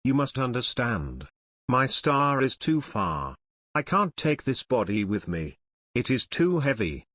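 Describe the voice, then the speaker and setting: A man reading the lines of a gentle small boy prince from another star, in a calm, plainly worded way. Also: medium pitch, a little slow, no echo. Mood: quiet.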